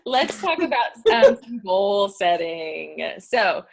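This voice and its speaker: A woman's voice: medium pitch, very animated, slow, vocal fry, a little mellow. A woman from Pennsylvania hosting a casual goal-setting video call, bubbly and chatty with many fillers.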